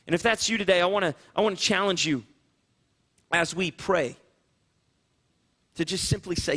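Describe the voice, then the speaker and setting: Bright high-voiced man pastor preaching. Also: normal speed, long pauses. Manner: earnest, repetitive pleading cadence. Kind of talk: sermon. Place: church sanctuary, also streamed online.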